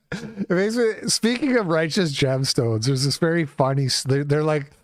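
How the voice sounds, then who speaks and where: A man hosts his own commentary show, talking casually and slipping into sarcastic rants. His voice sits a little high for a man, and he takes his time over his words. The sound is dry and close. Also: measured pace, no room sound. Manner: ranting, sarcastic. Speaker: show host.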